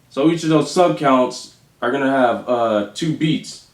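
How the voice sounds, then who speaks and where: A man teaching drum rudiments, calling out stickings and counting beats aloud slowly. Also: mid-range voice. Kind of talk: instructional demonstration. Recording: echoey room with faint noise.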